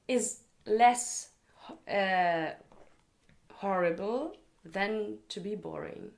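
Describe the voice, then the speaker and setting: A woman's voice: medium pitch, takes it slowly. A woman chatting in an interview, speaking English as a with hesitant fillers and easy laughter. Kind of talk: casual interview chat.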